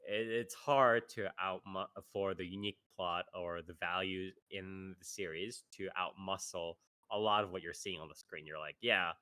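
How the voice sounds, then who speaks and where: A man's voice: sits low, fairly even intonation, normal speed, hardly any pauses, sharp tone, clear, resonant tone. A man co-hosting an anime podcast, giving a casual, hedging review and laughing often between points. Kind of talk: casual review chat on a live stream.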